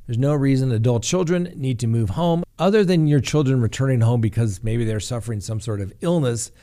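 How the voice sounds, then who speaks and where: Middle-aged man, true crime news host, scripted delivery, wry sarcastic asides, middle pitch. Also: fairly quick, mellow.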